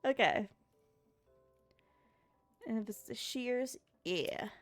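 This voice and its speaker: A woman's voice: mid-range voice, expressive, moderate pace, soft background music. A woman streaming a game in a casual, rambling way, sounding sleepy after just waking up and chatting with her viewers.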